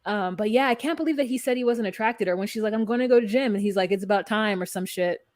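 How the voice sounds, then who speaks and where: A woman's voice: mid-range voice, fast talker, no echo. A woman co-hosting a podcast, giving blunt, profane opinions and acting out what others said in a casual recap chat. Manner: blunt, profane, animated retelling. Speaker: podcast co-host.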